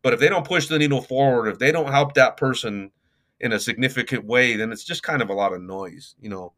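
A man's voice: mid-range voice, fairly quick, a bit bright. A man in his forties, a youth coach and mentor, speaking as a guest in a casual podcast interview with a reflective, advice-giving manner and plenty of fillers.

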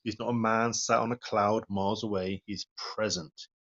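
Guy doing a home bible talk, lowish voice, kinda muffled lo-fi recording, earnest and plain. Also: steady tone, moderate pace, fairly bright tone. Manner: earnest, plain-spoken, reads verses then comments. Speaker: lay preacher. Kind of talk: informal devotional talk.

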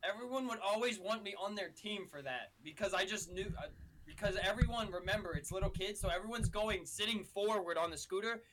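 High-voiced young man reminiscing. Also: fairly quick, a crowd in the background, poor audio. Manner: excited reminiscing, laughs. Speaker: podcast co-host. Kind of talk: casual chat.

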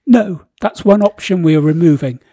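A man voicing a jolly, careless king with a loud, theatrical delivery. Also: fairly high pitch, moderate pace, husky, no room sound, voice pushed up. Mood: boisterous. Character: jolly blustering male king, careless and guffawing.

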